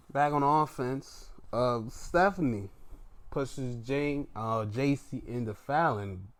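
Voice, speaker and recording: A man giving a casual solo wrestling review, animated and swearing freely as he recounts the action. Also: mid-range voice.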